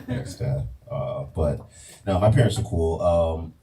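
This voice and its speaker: A man from Brooklyn doing a stand-up storytelling set in a comedy club, deadpan and deliberate. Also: extremely low pitch. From Brooklyn, New York. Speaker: stand-up comic. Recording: roomy club sound from a distance, noisy.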